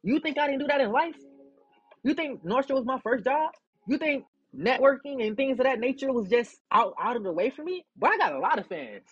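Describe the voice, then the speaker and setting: Profane, defiant young man, husky voice. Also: extremely high pitch, animated, a little fast, no echo, dull audio. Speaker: podcast host. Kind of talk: casual rant to listeners.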